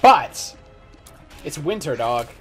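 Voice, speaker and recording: A man's voice: a little high, sing-song, takes it slowly, faint music behind. A man in his twenties giving casual gameplay commentary, rambling and joking at his own expense. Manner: rambling, joking, self-mocking. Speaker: let's play host.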